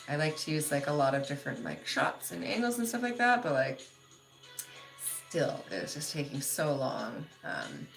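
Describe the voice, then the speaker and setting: A woman whose voice sits low, gravelly yet fairly bright, runs a laid-back livestream. She reads viewer comments aloud, laughing frequently and filling her loose chatter with "like."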